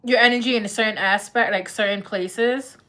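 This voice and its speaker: A woman's voice: mid-range voice, fairly even intonation, a little fast, bright, forceful tone. A woman doing a live tarot reading in a chatty, laughing, slangy way. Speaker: tarot reader.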